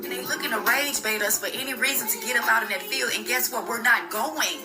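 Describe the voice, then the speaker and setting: A woman's voice: on the high side, quick pace, music in the background. A woman giving confident, sassy commentary straight to the camera. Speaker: social media commentator.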